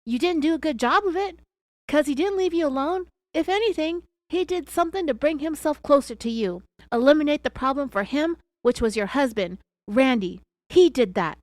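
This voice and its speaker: A hard-driving male FBI agent, read aloud by a woman fires accusing questions, his voice pitched up and raised to a shout. The sound is dry and close. He never lets up. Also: animated, normal speed, no echo. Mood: angry, accusing. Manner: yelling, accusing, relentless questioning.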